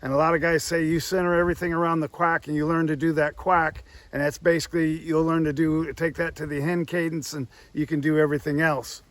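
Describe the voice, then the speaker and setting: A man's voice: a little high, flat delivery, brisk, hardly any pauses, no echo, poor audio. A man teaching duck calling in a plainspoken instructional manner, often repeating himself as he explains. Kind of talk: instructional demonstration.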